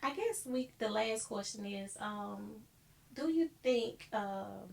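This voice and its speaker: A woman's voice: mid-range voice, lively intonation, slow, vocal fry. A woman co-hosting a podcast, asking questions and chiming in with supportive affirmations. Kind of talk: casual chat.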